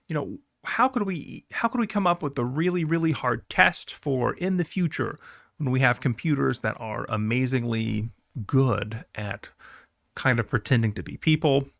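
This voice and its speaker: A man's voice: medium pitch, animated, measured pace, vocal fry, fairly bright tone, no room sound, studio quality. A man teaching a class in a recorded lecture, talking conversationally with fillers and asides.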